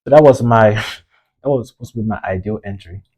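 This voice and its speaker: A man's voice: lowish voice, a little fast, dark tone. A man reviewing his own trades in a casual, rambling way, frustrated and scolding himself for his mistakes.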